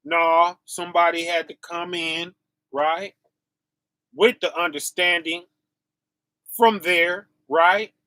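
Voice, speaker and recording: He preaches unhurriedly on a laid-back livestream, his voice high and bright. Often laughing, he energetically calls out to viewers. The recording is dry and close.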